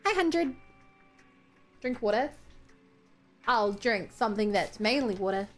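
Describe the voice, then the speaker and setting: A woman's voice: on the high side, animated, measured pace, soft background music. A woman with a New Zealand accent chatting casually and playfully on a gaming stream, with lots of "like" and "oh my god".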